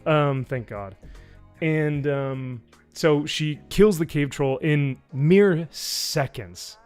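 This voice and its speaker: A man's voice: on the high side, very slow, darkish tone, faint music behind. Rambling, sarcastic man recapping a show. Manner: rambling, sarcastic and profane, with many fillers. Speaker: YouTube reviewer on a live stream. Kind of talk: casual live-stream plot recap.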